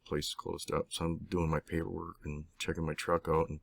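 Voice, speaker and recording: A man with a very deep, low voice tells his story in a loose, rambling way, stopping and restarting often and swearing now and then. The recording is close and dry, with no room sound. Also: completely flat delivery, creaky, no echo. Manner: rambling, halting, frequent restarts and mild swearing. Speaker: interviewee recounting personal experiences. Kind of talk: casual spoken storytelling.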